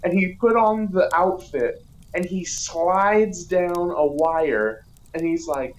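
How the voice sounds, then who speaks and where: A woman's voice: fairly low pitch, slow pace, rough recording. A woman co-hosting a podcast, casually recapping a film, often saying "like" and swearing freely. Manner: swears freely, peppers talk with "like". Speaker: podcast co-host. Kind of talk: casual movie recap chat.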